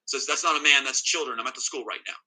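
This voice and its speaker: A man's voice: medium pitch, fast talker, sharp tone, slightly rough, poor audio. A man telling an interviewer an emotional personal account, agitated and emphatic, often repeating himself. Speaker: interview guest.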